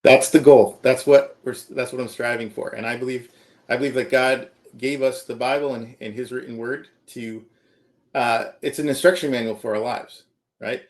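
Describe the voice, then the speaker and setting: A man's voice: medium pitch, steady tone, moderate pace. A man, a computer science professor, giving earnest interview answers and checking in with the listener as he explains.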